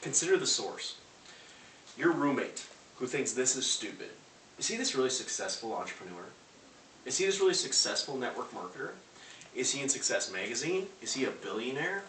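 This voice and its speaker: A man's voice: medium pitch, very animated, brisk, a bit bright. A young man giving a brash motivational sales presentation to a live audience, firing punchy rhetorical questions at the crowd. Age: young adult. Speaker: network marketing presenter. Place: large room in a house with a live audience. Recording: roomy, distant recording with faint hiss.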